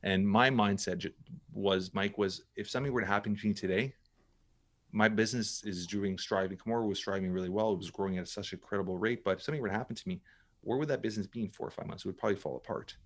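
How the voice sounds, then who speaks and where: A man's voice: fairly low pitch, quick pace. A middle-aged man talking casually as a podcast guest, emphatic and full of restarts and repeated words. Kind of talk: casual interview talk.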